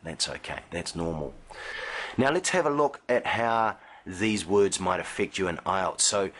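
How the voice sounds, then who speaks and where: A man's voice: low-pitched, animated, measured pace, a bit bright. A man teaching an exam pronunciation lesson to camera, patient and demonstrative, stretching some sounds long and punching others out short. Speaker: IELTS teacher.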